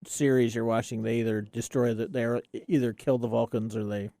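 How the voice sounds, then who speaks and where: A man's voice: mid-range voice, fairly even intonation, normal speed, gravelly, warm tone, no echo. A male co-host in casual podcast banter who teases the host and corrects him.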